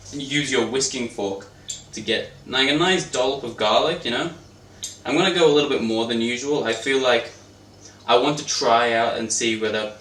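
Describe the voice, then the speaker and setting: A man's voice: medium pitch, fairly bright tone. Young guy cooking and rambling, jokey, mic kinda far off, bit of background hiss. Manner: joking, rambling, chatting to his pet bird. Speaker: cooking vlogger. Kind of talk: casual cooking vlog. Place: home kitchen. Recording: roomy echo, distant mic, faint noise.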